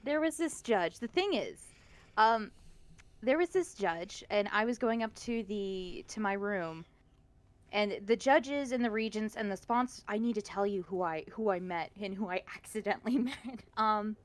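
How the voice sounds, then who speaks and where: A woman in her twenties telling an animated story in casual chat, swearing freely. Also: mid-range voice, moderate pace. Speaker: regular player on a tabletop game stream.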